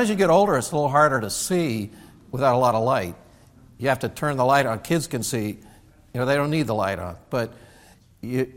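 A man preaching a sermon as pastor, telling folksy stories and acting out other people's lines, originally from Indiana. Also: medium pitch. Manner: folksy storytelling with animated quoted voices. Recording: church sanctuary with long reverb.

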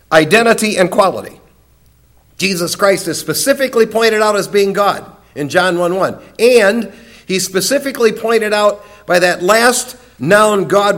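A man teaching a Bible class, explaining emphatically and slowing down to stress single words. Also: high-pitched, fairly bright tone.

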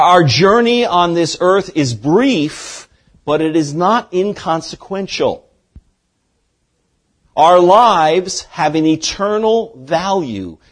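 A man preaching an expository sermon as a pastor, earnest, dropping from loud to hushed for emphasis. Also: high-pitched.

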